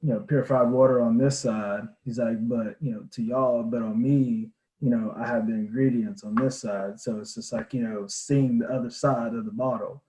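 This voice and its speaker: A man speaking as a panelist in an online discussion, halting and full of filler words. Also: medium pitch, fairly even intonation, mellow, roomy sound, poor audio.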